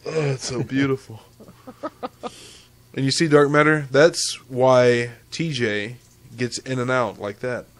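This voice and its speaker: Podcast host, male, mid-pitched, joking and loose, swears in passing. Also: steady tone, takes it slowly. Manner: joking, laughs easily, swears casually. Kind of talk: casual podcast banter.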